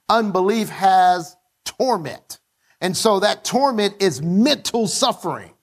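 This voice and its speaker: A man's voice: high voice, a bit bright. A male pastor preaching a sermon in church, repeating phrases and calling on the congregation to say them with him.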